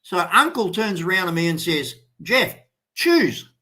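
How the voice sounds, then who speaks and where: This man has a high-pitched, brisk delivery as he hosts a live stream. Telling a story casually, he brings it to life by impersonating the others in it.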